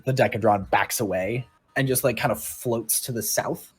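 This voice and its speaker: A man's voice: mid-range voice, unhurried, breathy edge. A man narrating a tabletop game as game master in a loose, casual way.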